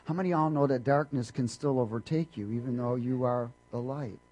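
A man preaching a sermon, quizzing his congregation and swinging between loud emphasis and hushed asides. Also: medium pitch, brisk, slightly rough, muffled recording. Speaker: pastor.

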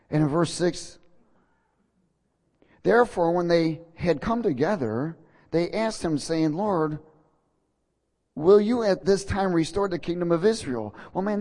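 A man's voice: on the high side, animated, normal speed, dark tone. A man preaching a sermon, emphatic and repetitive, asking the congregation to answer back. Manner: call-and-response, emphatic and repetitive. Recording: echoey hall with long reverb.

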